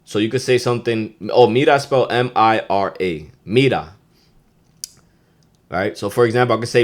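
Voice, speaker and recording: A man with a New York accent hosting a podcast, teaching slang in a loose, profane, animated way and getting loud when he acts out phrases. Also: fairly low pitch, normal speed. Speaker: podcast host. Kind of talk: casual podcast lesson.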